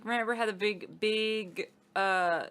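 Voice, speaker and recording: امرأة مرحة تعلّق على لعبة بصوت ساطع. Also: female voice, medium pitch, a little slow, fairly bright tone, clear, resonant tone. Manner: playful, chatty, teasing. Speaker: let's play co-host. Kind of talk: casual game commentary.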